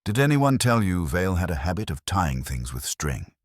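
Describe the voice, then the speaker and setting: A man with a very deep, husky voice playing a calm, incisive aristocratic detective who speaks with quiet precision. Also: moderate pace, dry recording, clean studio sound. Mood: measured.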